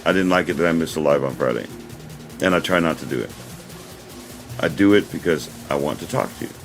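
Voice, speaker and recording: A man's voice: extremely low pitch, brisk, soft background music. A man hosting his own livestream, talking in an earnest, rambling way and often repeating himself. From United States. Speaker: livestream host. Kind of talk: casual livestream talk.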